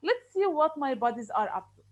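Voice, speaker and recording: A woman's voice: high-pitched, very animated, fast talker, dull audio. A woman reading as a cheerful termite. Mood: happy. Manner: bright, upbeat storybook reading. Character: cheerful male termite narrator. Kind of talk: reading a children's play aloud.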